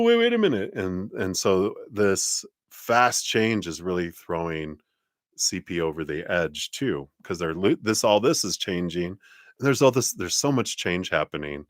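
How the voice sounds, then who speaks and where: A man's voice: low voice, a bit bright, no room sound, studio quality. A man giving a live-streamed tarot reading in a chatty way, laughing often and using many fillers. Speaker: tarot reader.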